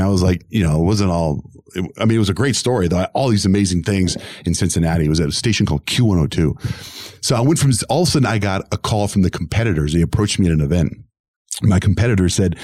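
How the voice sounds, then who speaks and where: A middle-aged man who works as a radio host tells his story in an interview. His voice sits very low and he talks at a quick clip, switching into the voices of the people he quotes. The sound is dry and close. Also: dry recording. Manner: animated, acts out quoted voices.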